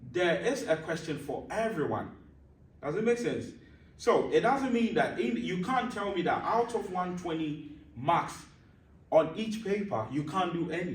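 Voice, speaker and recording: Man teaching, asking and answering himself. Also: a little high. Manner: asks rhetorical questions and answers them himself; repeats points emphatically, checks understanding. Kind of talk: classroom lesson on exam stress. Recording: roomy echo, mic at a distance.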